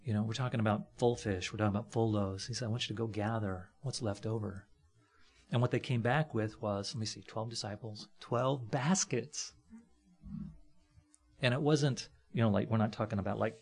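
Husky-voiced man preaching casually. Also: lowish voice, brisk. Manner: folksy, joking asides, frequent fillers. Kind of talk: conversational sermon.

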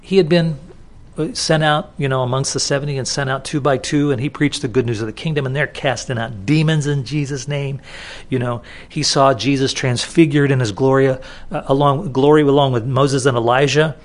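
Guy preaching a sermon, mid pitch, chatty, keeps repeating stuff for emphasis. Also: steady tone, brisk. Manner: conversational, repeats words for emphasis. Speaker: pastor. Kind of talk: expository sermon.

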